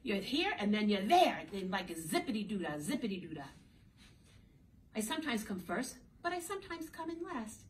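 Animated woman reading a storybook to kids. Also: on the high side, fairly quick, hardly any pauses, slight background noise. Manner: playful, sing-song, talks directly to young children. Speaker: teacher. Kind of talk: children's storytime read-aloud. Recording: distant mic, faint background ambience.

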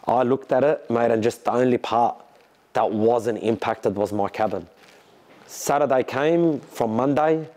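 A man's voice: medium pitch, unhurried. An Australian man who builds and races cars, telling the emotional story of his crash in bursts and acting out what others said. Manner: emotional, talks in bursts, lively quoting of others. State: sore after a crash. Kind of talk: candid storytelling to camera.

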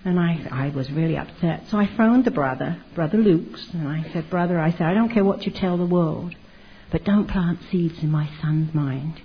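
A woman's voice: low voice, normal speed, a little hiss or hum. An older woman giving a chatty, humorous personal testimony about her life. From Canada. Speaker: testimony speaker. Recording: dull lo-fi recording.

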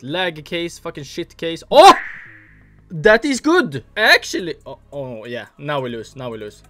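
Excitable, foul-mouthed young man, higher voice. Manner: profane, swings between hype and grumbling. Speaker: gaming streamer. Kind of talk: excitable gambling-site commentary.

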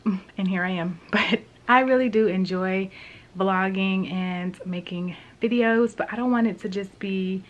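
Chatty young mom vlogging to camera. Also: female voice, medium pitch, unhurried, muffled recording. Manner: chatty, rambling with fillers. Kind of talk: casual vlog chat. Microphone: phone camera.

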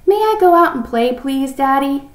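A woman reading aloud and voicing an eager little boy who loves candy, in a high, excited voice. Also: normal speed. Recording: echoey room, off-mic.

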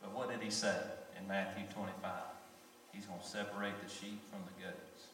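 A man preaching a sermon, swinging between loud raised passages and quiet low asides. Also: level tone, normal speed. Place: church sanctuary. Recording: echoey church hall from far off.

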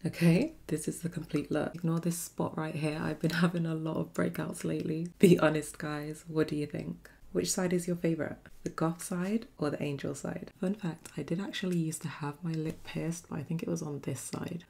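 A woman's voice: low voice, fairly even intonation, normal speed, creaky, few pauses, warm tone. A young woman chatting casually through a makeup tutorial as a beauty vlogger, giggly and chatty. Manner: giggly, chatty, often bursting into laughter.

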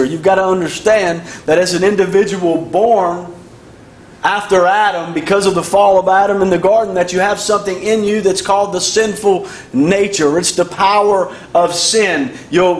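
A high-pitched male preacher with a drawl delivers a sermon in a hard, repeating cadence. His voice rings around an echoey church sanctuary. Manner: emphatic, repetitive preaching cadence. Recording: echoey room.

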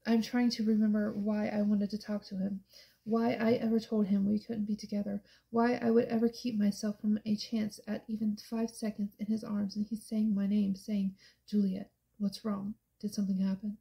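A woman reading a first-person novel aloud, soft and intimate, at times near a whisper. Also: medium pitch, little pitch movement, normal speed, creaky, poor audio. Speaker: audiobook narrator. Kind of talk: first-person audiobook narration.

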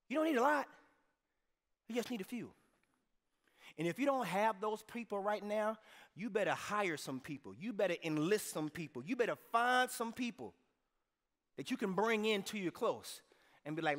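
High, bright-voiced preacher man. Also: normal speed, pauses often, big-room sound. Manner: energetic, conversational preaching with rising shouts. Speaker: pastor. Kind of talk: sermon. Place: church sanctuary.

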